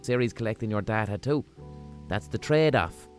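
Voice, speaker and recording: A man with a Limerick Irish accent hosting a podcast, rambling through a casual comic monologue in a profane, deadpan-humorous way. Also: on the low side, normal speed, faint music behind. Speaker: podcast host.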